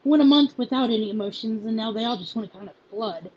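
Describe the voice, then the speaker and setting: A woman who leads a volunteer group, speaking in a halting, emotional personal message with many restarts, close to tears. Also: a little high, highs cut off, a little hiss or hum.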